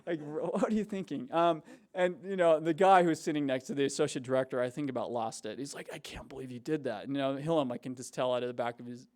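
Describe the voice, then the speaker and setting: Guy telling stories to a student crowd, lots of likes and restarts, kinda higher voice. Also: fast talker. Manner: animated, many fillers and restarts. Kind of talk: casual storytelling talk. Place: university hall before a student audience.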